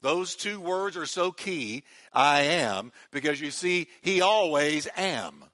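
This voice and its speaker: Bright, high-voiced preaching man. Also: lively intonation, slow. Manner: emphatic, repetitive preaching with call-and-response. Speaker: pastor. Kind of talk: sermon.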